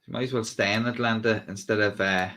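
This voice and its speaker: A man's voice: fairly low pitch, steady tone, a little fast, a bit bright. A man giving casual, rambling live-stream commentary on police footage, with wry asides and frequent restarts. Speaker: streamer reacting to police clips.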